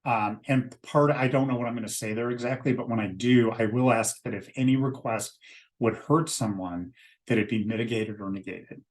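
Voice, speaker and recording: Man, mid-range voice, ritual leader; steady step-by-step walkthrough. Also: medium pitch, moderate pace.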